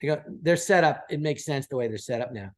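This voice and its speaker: A man's voice: mid-range voice, quick pace. A man in his sixties, a podcast guest, telling anecdotes casually and acting out the people he quotes. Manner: animated, acts out quoted voices.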